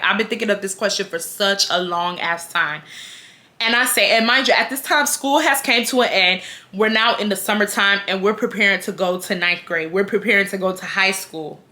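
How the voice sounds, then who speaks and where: Blunt, animated young woman. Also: medium pitch. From Houston, Texas. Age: 20s. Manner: blunt, animated and profane, acting out dialogue. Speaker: vlogger. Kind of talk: casual storytime monologue.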